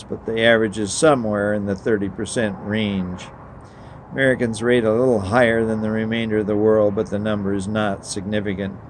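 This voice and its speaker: Male preacher, low voice, measured reading, faint room hum behind. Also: low-quality recording. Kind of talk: read story and sermon.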